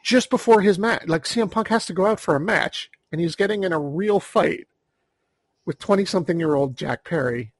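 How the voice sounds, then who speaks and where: A man's voice: sits high, moderate pace. A man co-hosting a podcast, telling a story in a dry, sardonic way. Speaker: podcast co-host. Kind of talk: casual storytelling chat.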